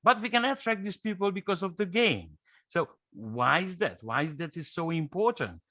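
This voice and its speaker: A man whose first language is Hungarian, giving an enthusiastic guest pitch on a webinar, stressing points and tagging them with "okay?". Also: lively intonation, moderate pace, pushed and bright, no room sound. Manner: emphatic, repeats "okay?" and key phrases. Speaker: guest speaker.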